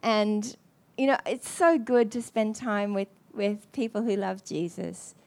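A woman preacher telling a story in an earnest, halting way, with many restarts. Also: medium pitch, a little mellow. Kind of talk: sermon storytelling.

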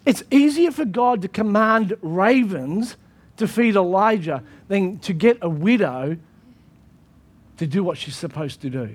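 Very high-voiced man preaching. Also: lively intonation, unhurried, slightly rough. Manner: emphatic preaching with repeated phrases. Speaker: pastor. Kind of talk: sermon.

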